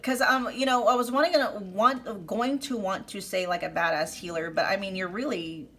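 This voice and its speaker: A woman's voice: mid-range voice, fairly even intonation, moderate pace, a bit bright. A woman giving a pick-a-card tarot reading, effusive and emphatic, speaking straight to her viewers with many fillers. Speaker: tarot reader.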